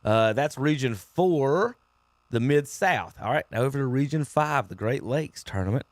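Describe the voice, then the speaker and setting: A man's voice: medium pitch, expressive, normal speed, no room sound. A man hosting a sports talk radio show, reading out game schedules with casual asides and filler words. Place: radio studio.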